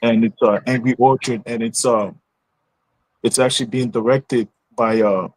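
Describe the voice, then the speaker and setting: A man's voice: mid-range voice, fairly even intonation, normal speed, darkish tone, no room sound, poor audio. A man co-hosting a casual horror chat, laid-back and slangy. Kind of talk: casual live-stream chat.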